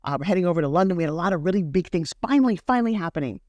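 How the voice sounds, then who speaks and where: A woman guest in an interview, telling a story with animated energy and acting out the other people's lines in lively voices. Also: lowish voice, very fast, no room sound, studio quality. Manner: acts out quoted dialogue in lively voices. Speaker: guest entrepreneur.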